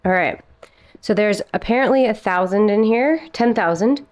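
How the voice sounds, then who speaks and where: A young woman plant vlogger talks at a moderate pace with a medium-pitched voice. Casual and chatty in her plant care vlog, she gets a little winded, lets out the odd giggle, and speaks tenderly to her plants.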